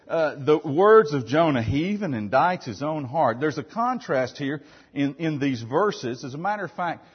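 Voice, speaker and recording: A male pastor delivers a sermon in a somewhat high, animated voice with a husky edge. His voice rings with long reverb and comes through muffled, as from a church hall recording. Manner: asks the congregation frequent questions, with animated emphasis.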